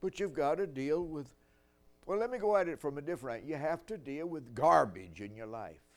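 A man's voice: on the high side, expressive, a little fast. Older man preaching a folksy sermon. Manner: folksy storytelling with dry humor.

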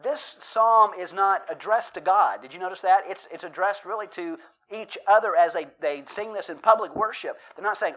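Middle-aged pastor, dramatic scripture reading. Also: male voice, high-pitched, brisk, hardly any pauses, fairly bright tone. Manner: storytelling, self-deprecating, dramatic emphasis when reading aloud. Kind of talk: sermon with scripture and poem reading.

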